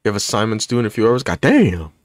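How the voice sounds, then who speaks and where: A man's voice: on the low side, very animated, quick pace, no room sound, studio quality. A man chatting casually with viewers on his live stream, joking and swearing freely.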